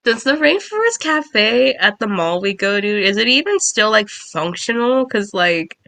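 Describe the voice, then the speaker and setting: A woman's voice: on the high side, very animated, a little slow, gravelly, sharp tone, dry recording. A young woman co-hosting a podcast, teasing her friend in casual chat and laughing often. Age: young adult. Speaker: podcast co-host.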